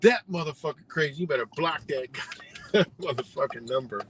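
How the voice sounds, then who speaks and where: A man hosting a live stream, telling a story in a loose, profane, animated way and laughing often. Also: on the high side, normal speed, a little hiss or hum, poor audio. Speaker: livestream host.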